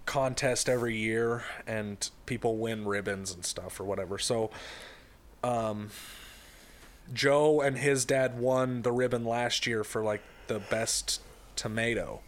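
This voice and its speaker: A man's voice: medium pitch, fairly even intonation, unhurried. Rambling man retelling a story. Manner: rambling storyteller with many fillers and restarts. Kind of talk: casual chat.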